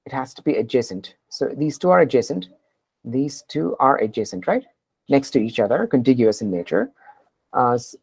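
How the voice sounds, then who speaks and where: A woman, tutoring a programming class. She keeps checking understanding with "right?" and pauses often with fillers. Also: extremely low pitch, darkish tone, breathy edge, no echo, rough recording. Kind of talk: explaining a coding problem in class.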